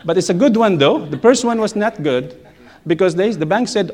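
Middle-aged man, slightly high voice, lively church testimony teller, repeats himself, laughs as he talks. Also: normal speed. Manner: animated, repeats phrases, laughs between lines. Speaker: church speaker telling a testimony. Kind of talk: personal testimony storytelling.

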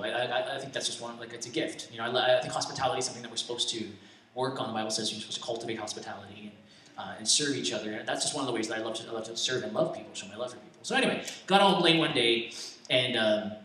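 A man's voice: mid-range voice, very fast, pushed and bright, a little hiss or hum. A young man giving an informal sermon full of personal stories, rambling and conversational with lots of restarts and self-deprecating humor. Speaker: preacher. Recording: echoey room, distant mic, faint ambience.

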